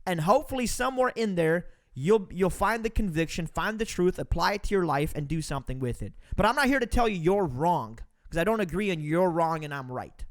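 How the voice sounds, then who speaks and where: On his own podcast, a Romanian man hammers home point after point in a preachy motivational monologue, calling his audience folks. His pitch is high for a man and swings up and down with lively intonation, and he speaks fairly quickly with few pauses.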